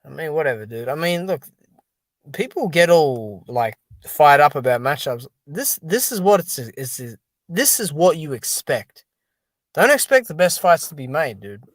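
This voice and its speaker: Talking boxing and MMA alone to his viewers, this channel host sounds exasperated and dismissive, peppering his speech with "man" and "dude." His higher voice is very animated yet a little slow, recorded without room sound.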